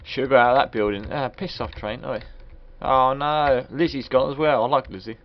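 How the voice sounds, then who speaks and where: A man's voice: mid-range voice, fairly even intonation, moderate pace. Rambling man reviewing a game. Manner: rambling, crude, joking asides. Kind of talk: casual game commentary. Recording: dull lo-fi recording.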